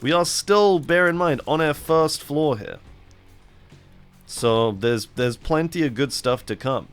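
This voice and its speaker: A man's voice: a little high, slow, clear, resonant tone, soft background music. A middle-aged man hosting a casual let's play, chatting in a rambling, laid-back way while he plays. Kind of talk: casual gameplay commentary.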